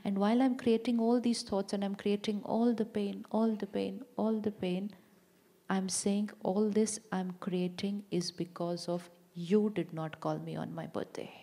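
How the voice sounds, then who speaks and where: A woman's voice: medium pitch, little pitch movement, unhurried, mellow. A woman giving a spiritual talk to a live audience in a room, repeating phrases for emphasis and putting questions to her listeners. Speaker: spiritual speaker.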